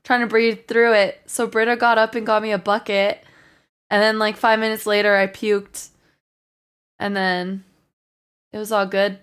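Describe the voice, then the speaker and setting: A woman's voice: medium pitch, little pitch movement, measured pace, long pauses, fairly bright tone, smooth. A young woman livestreaming, casually telling her viewers a rambling story, full of "like" and "um". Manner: rambling storytelling with many likes and ums. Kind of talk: casual chat with stream viewers.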